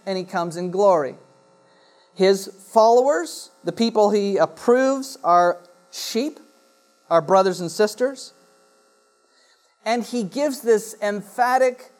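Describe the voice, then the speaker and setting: Pastor reading scripture, then preaching. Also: medium pitch. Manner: reads scripture aloud, then explains it with frequent uh and restarts. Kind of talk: sermon.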